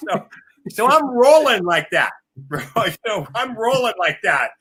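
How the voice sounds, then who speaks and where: High, bright-voiced storytelling man. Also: big pitch swings, unhurried, husky. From family from Oklahoma. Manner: profane, laughing, acts out other people's voices. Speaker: guest musician telling road stories. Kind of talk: casual storytelling on a live video call.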